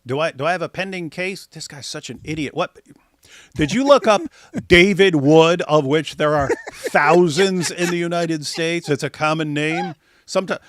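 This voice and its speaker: A man's voice: fairly high pitch, fairly bright tone, no echo, studio quality. A man hosting a livestream, reacting to clips with sarcasm, stammered restarts and incredulous laughs. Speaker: host.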